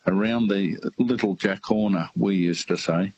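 An older man calling in to a radio show, chatting in a halting way with many fillers. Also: sits low, darkish tone, slight background noise, rough recording. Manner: hesitant, halting, lots of uh fillers. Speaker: radio caller. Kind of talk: casual chat.

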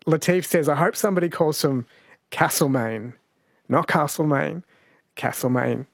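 A man runs a relaxed radio chat and quiz, talking easily with callers and laughing along. His voice sits a little on the high side. The studio sound is dry and close. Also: normal speed, breathy edge, dry recording. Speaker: radio host.

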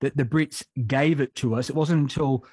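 A man's voice: medium pitch, normal speed, a little mellow, breathy edge, no room sound. Male history guest, wry and playful, dry studio sound. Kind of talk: radio interview.

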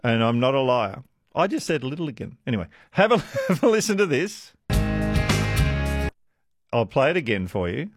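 A man's voice: medium pitch, very animated, moderate pace, long pauses, soft background music. A man hosting a radio quiz with callers, chatty and self-deprecating, laughing often. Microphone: studio microphone.

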